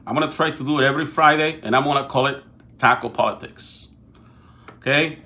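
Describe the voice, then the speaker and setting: A man's voice: mid-range voice, a little fast, pushed and bright. A middle-aged man from Mexico with a Mexican Spanish accent, hosting a casual live political show and talking straight to viewers, often restarting and repeating words. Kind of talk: casual live-stream talk.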